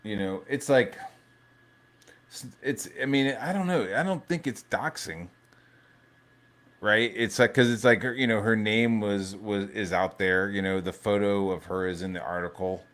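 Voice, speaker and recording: A man hosting a live stream in a casual, rambling rant. His voice sits on the low side, and he swears freely and jumps between thoughts. He often restarts his sentences. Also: a little slow. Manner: profane, rambling, animated. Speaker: livestream host.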